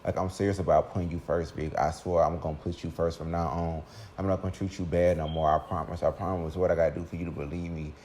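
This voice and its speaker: A young boyfriend pleads softly and earnestly for his partner not to leave him, as a man quotes him in his story. His voice stays low and quiet. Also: flat delivery, quick pace, a little hiss or hum, close to an everyday voice. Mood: pleading.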